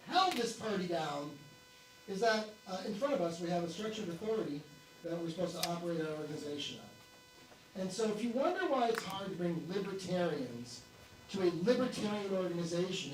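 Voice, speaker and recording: A man's voice: high-pitched, expressive, fairly quick. A man from Wisconsin speaks against a motion on a convention floor, impassioned and combative. He is heard from across a reverberant hall with faint background noise. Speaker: convention delegate. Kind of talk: floor debate speech. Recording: echoey hall, distant mic, faint noise.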